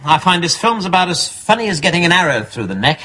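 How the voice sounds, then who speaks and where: A man's voice: high-pitched, very animated, quick pace, pushed and bright, slight background noise, heavily acted. A man playing a weary army captain in a studio sitcom, dry and cutting in his sarcasm. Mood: sardonic.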